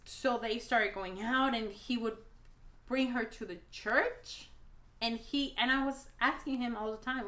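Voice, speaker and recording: A woman's voice: fairly high pitch, unhurried, a bit bright, roomy sound. A woman telling an emotional storytime vlog, blunt and rambling, swearing a lot, a native Spanish speaker talking in English. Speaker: vlogger.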